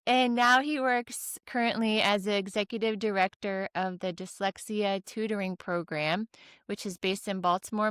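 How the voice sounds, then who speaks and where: A woman's voice: mid-range voice, a bit bright, clean tone, no room sound, clean studio sound. A woman hosting a podcast interview, enthusiastic as she introduces and questions her guest. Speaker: podcast host.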